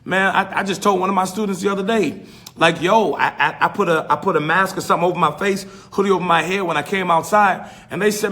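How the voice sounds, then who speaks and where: Pastor host, male, high voice, emphatic and folksy podcast preaching. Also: fast, pushed and bright. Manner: emphatic, repetitive, folksy with slang. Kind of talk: preaching-style podcast talk.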